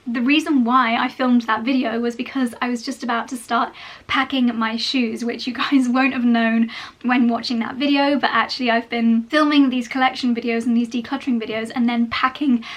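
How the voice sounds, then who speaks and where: A woman's voice: fairly high pitch, flat delivery, moderate pace. A young woman chatting in a sentimental, gushing way as a fashion vlogger talking to camera at home. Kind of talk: casual vlog chat.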